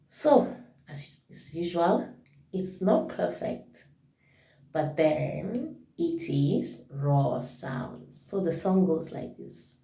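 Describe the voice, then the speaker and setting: A woman's voice: on the low side, expressive, drawn-out words, gravelly, mellow. A woman giving an informal devotional talk as a worship leader, reflective and thinking aloud as she corrects herself. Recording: roomy echo, mic at a distance.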